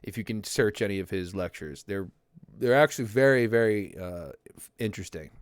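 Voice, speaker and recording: A man's voice: lowish voice, a little fast, smooth, dry recording, clean studio sound. A man ranting casually on a livestream, rambling and swearing, laughing often and answering his chat. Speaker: streamer reading chat.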